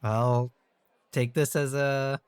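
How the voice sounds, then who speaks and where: A man's voice: mid-range voice, steady tone, slow pace, smooth. A man hosting a live-stream story time, chatting in an easygoing way and thinking aloud. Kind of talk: casual live-stream chat.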